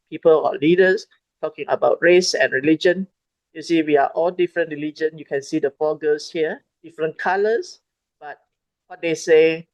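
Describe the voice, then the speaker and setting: Woman host, lowish voice, dry close sound, calls on each speaker. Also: no echo. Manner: chatty, prompting speakers, mixing in Malay words. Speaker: host of an online youth meeting. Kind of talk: casual moderating of a video call.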